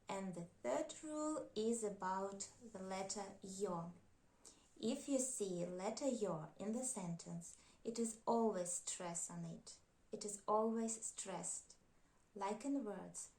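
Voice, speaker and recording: A woman with a Russian accent, a native Russian speaker, teaching a reading lesson and slowly repeating each example word twice. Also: medium pitch, a little mellow. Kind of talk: slow, careful language lesson. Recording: echoey room.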